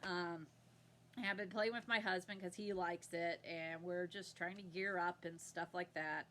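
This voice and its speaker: A woman's voice: on the low side, steady tone, moderate pace, sharp tone, slight background noise. A woman hosting her own crafting podcast from home, chatting casually and rambling with frequent laughter. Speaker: podcast host. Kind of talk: casual chat to camera.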